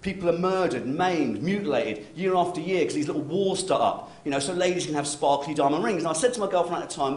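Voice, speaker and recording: A man's voice: a little high, animated, fast talker, hardly any pauses, a little hiss or hum. A man performing a stand-up comedy set on stage, chatty and constantly tagging his lines with "right?". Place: comedy club stage with live audience. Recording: roomy club recording.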